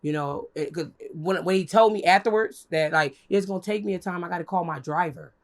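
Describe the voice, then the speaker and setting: Here the young woman is again a guest in an interview, telling a casual story at a slightly quick clip. Her delivery is lively and foul-mouthed, and she mimics other people's words in a high voice.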